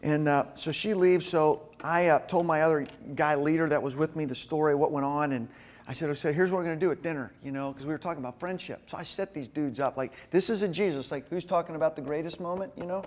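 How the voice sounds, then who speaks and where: Higher-pitched guy telling folksy stories at a men's group, animated, sermon-ish. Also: fast talker. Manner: folksy, animated storytelling with frequent asides to the group. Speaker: speaker at a men's ministry gathering. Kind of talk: sermon-style talk with personal stories.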